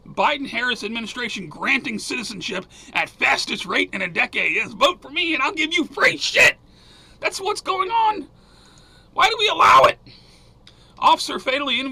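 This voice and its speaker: A man hosting a solo news commentary show, reading headlines and ranting angrily, swearing and sometimes yelling. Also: high-pitched.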